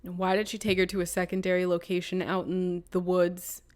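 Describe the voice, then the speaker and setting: A woman's voice: on the low side, completely flat delivery, normal speed, darkish tone. A young woman streamer reading a story game aloud and reacting bluntly, with frequent swearing. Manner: blunt, profane running reactions.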